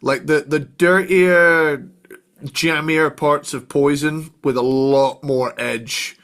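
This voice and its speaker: A man's voice: on the high side, steady tone, slow pace, fairly bright tone. Laid-back man chiming in on a podcast. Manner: laid-back, short agreeing replies. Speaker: podcast co-host. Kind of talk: casual podcast chat.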